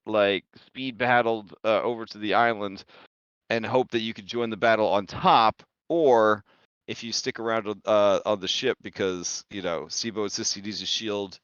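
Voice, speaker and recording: A man's voice: fairly low pitch, a bit bright, clear, resonant tone, no room sound. A man running a tabletop game as game master, narrating casually with frequent fillers and laughs. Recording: slightly dull lo-fi audio. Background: faint background music.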